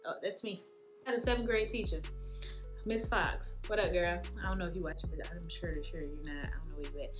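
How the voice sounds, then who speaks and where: A woman's voice: medium pitch, a bit bright. A young woman tells a candid personal story, laughing often and slipping into playful voices. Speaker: vlogger.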